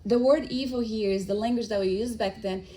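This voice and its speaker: A woman's voice: on the high side, fairly quick, low-quality recording. A middle-aged woman giving a spiritist lecture, telling stories and acting out the dialogue, with frequent restarts. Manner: animated storytelling with acted-out dialogue.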